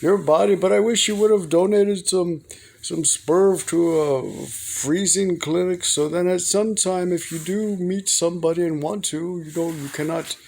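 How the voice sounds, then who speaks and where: A man puts on an older father, gentle and wistful, pleading softly in a raised, gravelly voice. The voice sits well above the performer's own. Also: sits high, unhurried, pitched above the performer's own voice, full character voice.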